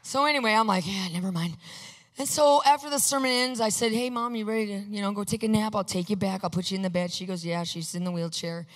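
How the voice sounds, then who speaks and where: A woman preaching a testimony sermon, telling her story with energy, acting out each exchange and bursting into excited shouts. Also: medium pitch, fast talker. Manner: animated storyteller acting out dialogue. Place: large hall with a screen. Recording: long hall reverb.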